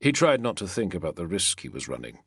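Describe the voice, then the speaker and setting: A man reading a novel aloud as an audiobook narrator, in a measured, expressive way. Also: sits low, breathy edge, no echo, clean studio sound. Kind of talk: scripted narration.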